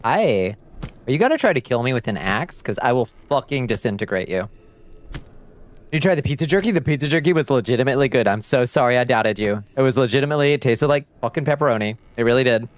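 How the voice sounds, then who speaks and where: A man chatting casually and swearing often while livestreaming a game, reacting loudly and talking to his chat. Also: mid-range voice, racing, few pauses. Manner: profane, excitable, chatty with chat. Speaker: streamer.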